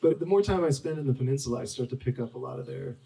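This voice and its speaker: A man's voice: mid-range voice, very fast, creaky, warm tone. Rambling man heard from a distance. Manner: rambling, full of "like" and restarts. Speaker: author guest. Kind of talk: storytelling at a live book talk. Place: bookstore event.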